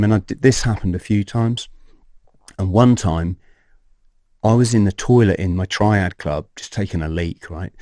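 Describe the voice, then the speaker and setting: A man in his fifties tells a tale as a podcast guest. His voice sits low, and the sound is dry and close. He acts out what others said and swears without a second thought. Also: no echo. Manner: animated, acts out quoted dialogue, swears casually. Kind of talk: storytelling in an interview.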